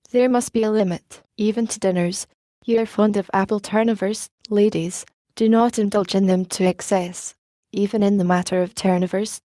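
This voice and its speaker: A woman reading the part of a pompous young male student lecturing his friends, in a measured, sermonizing way, for an audiobook. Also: medium pitch, warm tone, dry recording, natural voice.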